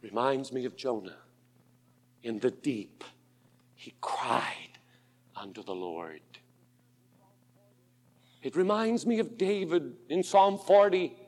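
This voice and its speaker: A man preaching a sermon in an auditorium, slow and impassioned, dropping to a hush and rising to loud pleas. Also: medium pitch. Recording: long hall reverb.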